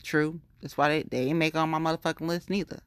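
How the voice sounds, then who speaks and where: A woman rants in a heated, profane monologue, circling back to the same complaints again and again. Her voice sits low, and it is recorded close and dry with no room sound around it. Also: fairly even intonation, quick pace, dry recording. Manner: profane, heated, repetitive venting. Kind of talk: casual ranting monologue.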